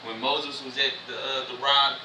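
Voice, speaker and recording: Man preaching to a congregation, bright cutting tone, mixes scripture reading with slangy asides; distant mic in an echoey hall. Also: medium pitch, level tone, a little hiss or hum. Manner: reads scripture slowly, then explains in loose everyday slang. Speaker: church speaker. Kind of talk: casual sermon with scripture reading. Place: church sanctuary. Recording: echoey church room, mic from afar.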